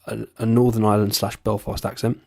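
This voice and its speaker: A man's voice: on the low side, little pitch movement, fast talker, vocal fry, a little mellow, dry recording, studio quality. A young man chatting casually to camera in a rambling, sweary, self-deprecating way. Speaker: vlogger doing accents.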